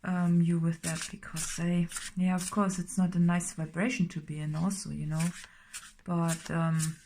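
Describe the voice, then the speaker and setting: Woman, lowish voice, casual tarot reading, rambling, lots of fillers, drops into soft whispers. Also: flat delivery, a little slow, a little hiss or hum. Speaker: tarot reader.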